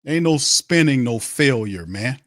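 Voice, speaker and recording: A man's voice: medium pitch, animated, unhurried, no echo, studio quality. A man hosting a sports podcast, ranting angrily about his team and mocking its players. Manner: angry, mocking, repetitive ranting. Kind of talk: heated sports rant.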